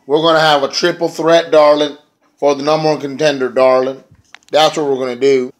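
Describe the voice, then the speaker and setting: A man voicing a prissy female wrestling boss, speaking slowly in an affected, drawn-out way. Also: on the high side, level tone, lightly acted. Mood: imperious.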